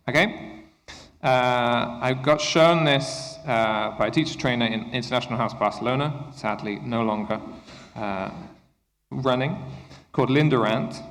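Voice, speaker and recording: A man giving a conference workshop to English teachers, talking to the room in an engaging way and often checking in with a quick "okay?". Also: mid-range voice, creaky, a bit bright, a little hiss or hum. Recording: echoey hall reverb.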